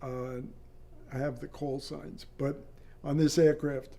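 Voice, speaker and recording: An older man, a former air traffic controller, recounting a personal story in an interview, halting and matter-of-fact. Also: mid-range voice, little pitch movement, gravelly, mellow.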